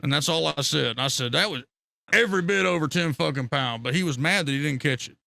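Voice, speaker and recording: A man telling fishing stories as a podcast guest, excitable and profane, laughing often. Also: on the high side, fairly quick, creaky, no room sound. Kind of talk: casual storytelling.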